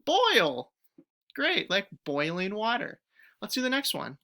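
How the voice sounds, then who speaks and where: A woman teacher giving a recorded phonics lesson to young pupils, stretching out each word sound clearly and encouraging the children to join in. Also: medium pitch, wildly swooping pitch, slow, bright, forceful tone. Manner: encouraging, speaks directly to children.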